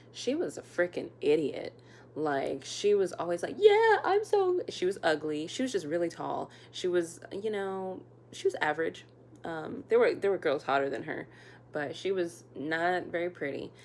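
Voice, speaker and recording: A woman with a low voice tells candid stories about her past, rambling and full of fillers. She slips into quick acted quotes of the people she describes. A faint hum sits under her voice. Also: creaky. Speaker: storyteller. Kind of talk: casual personal storytelling.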